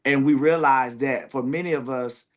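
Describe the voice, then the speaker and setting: A man's voice: medium pitch, normal speed. A man who is a graduating seminary student, speaking in an earnest, reflective way with many "you know" fillers. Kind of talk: reflective conversation.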